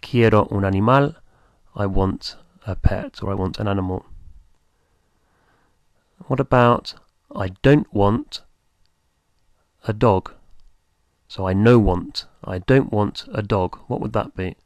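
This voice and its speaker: A man's voice: lowish voice, slow, pauses often, dry recording. A man teaching a beginner language lesson, patiently repeating and spelling out words.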